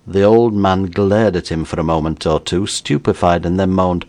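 A man reading an audiobook in a measured storytelling manner. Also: low voice, darkish tone. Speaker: narrator.

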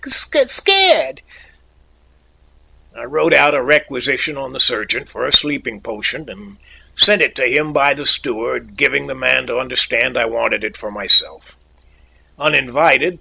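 A man narrating a story in a measured, literary way. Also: medium pitch, gravelly, sharp tone, breathy edge, low-quality recording. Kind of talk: audiobook narration.

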